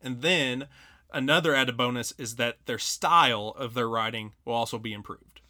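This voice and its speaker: A man's voice: mid-range voice, moderate pace, pushed and bright, no echo, clean studio sound. A man who teaches writing, explaining his approach to students' writing in an earnest, explanatory way. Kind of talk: casual conversation about teaching.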